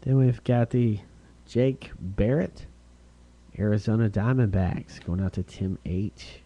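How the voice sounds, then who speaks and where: A man hosting a live-streamed card break, calling out each card and who gets it, getting excited over rare hits. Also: lowish voice, takes it slowly. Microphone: streaming setup.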